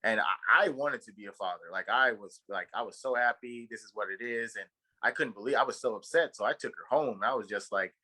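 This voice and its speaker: Bright-voiced man telling a rambling story. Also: fairly low pitch, brisk, breathy edge, low-quality recording. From Texas. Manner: rambling, profane storytelling with many fillers. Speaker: podcast co-host. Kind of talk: casual chat.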